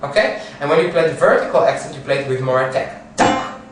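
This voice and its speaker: A man's voice: a little high, lively intonation, quick pace, distant mic, heavy background noise. Man teaching piano in an echoey room. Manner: counts beats and sings phrases while explaining. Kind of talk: piano lesson.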